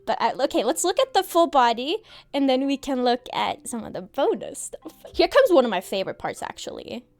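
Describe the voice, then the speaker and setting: A woman's voice: high-pitched, big pitch swings, fairly quick, faint music behind. A young woman streaming as a VTuber, showing off her avatar in a bubbly, giggly, exclamatory way with playful chatter. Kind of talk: excitable stream chat showing off a model.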